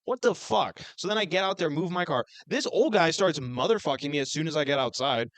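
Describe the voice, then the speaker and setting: A young man hosting a podcast, telling a story in an animated, profane rant. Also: fairly high pitch, fast, no room sound. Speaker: podcast host. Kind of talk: casual storytelling chat.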